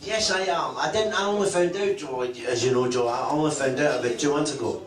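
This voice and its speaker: Speaking fairly quickly in a slightly high voice, this middle-aged man from Scotland, once a footballer, shares profane, self-deprecating stories live on stage in a function room. The mic is distant, so the sound is echoey and far off.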